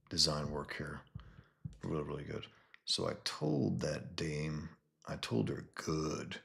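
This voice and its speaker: A man casually reviewing a comic book, reading its panels and sound effects aloud between relaxed comments. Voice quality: very deep, gravelly and husky.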